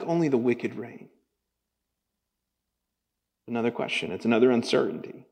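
A man's voice: expressive, normal speed, creaky, long pauses, a little mellow. Conversational male preacher in a reverberant hall. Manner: conversational preaching with big pitch swings, acts out quoted voices. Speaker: pastor. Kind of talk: sermon.

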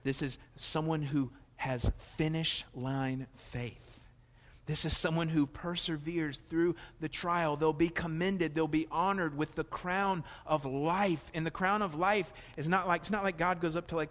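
A pastor preaching a conversational, animated sermon in a church, his voice rising in emphatic questions. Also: fairly high pitch, a little slow. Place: church sanctuary. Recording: long hall reverb, faint music.

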